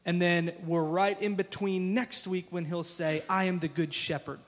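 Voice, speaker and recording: High-voiced pastor in a reverberant hall. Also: male voice, fairly even intonation, moderate pace. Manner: conversational, addresses congregation directly. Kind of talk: sermon. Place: church sanctuary.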